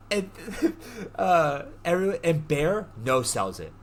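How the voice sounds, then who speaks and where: A man hosting a podcast, retelling a story in a casual, animated way, full of slang and swearing. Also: on the high side, slow pace, slight background noise. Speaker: podcast host. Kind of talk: casual chat.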